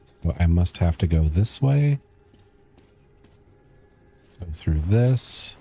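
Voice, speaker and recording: A man's voice: low-pitched, lively intonation, slow, creaky, darkish tone, husky. A young man streaming a game, chatting casually, reading chat aloud and muttering as he plays. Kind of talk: casual gameplay commentary.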